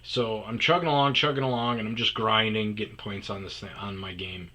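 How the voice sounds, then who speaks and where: A man's voice: on the low side, steady tone, a little fast, pushed and bright. A man hosting his own vlog, telling a rambling, profane story in a casual monologue. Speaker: vlog host telling stories.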